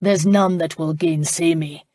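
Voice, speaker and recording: A woman narrator voicing a proud, commanding Scottish laird with a genteel, rolling accent and a measured, lordly manner. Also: sits low, fairly even intonation, dark tone, dry recording, studio quality. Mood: smug menace.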